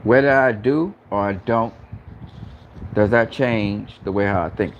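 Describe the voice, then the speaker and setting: A man's voice: on the low side, unhurried, a little hiss or hum. A man hosting a casual live stream, talking earnestly and repeating himself with stammering restarts. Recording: lo-fi, faint background ambience.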